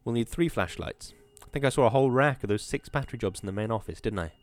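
A man's voice: mid-range voice, expressive, quick pace, close to an everyday voice. A man reading the lines of a defiant, sarcastic young mill worker, with a cocky, mocking delivery.

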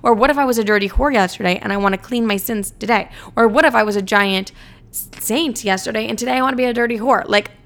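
Young woman, heavy fry, blunt and sweary, rambling vlog chat. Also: mid-range voice, fast talker, a bit bright. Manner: blunt, profane, ranting, lots of "like". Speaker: comedian answering fan questions. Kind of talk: casual chat.

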